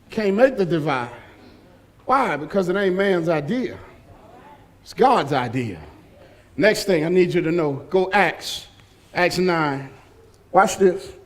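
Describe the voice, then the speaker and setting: High-voiced, emphatic man preaching. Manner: emphatic, call-and-response, bursts into shouting. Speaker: pastor. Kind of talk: sermon.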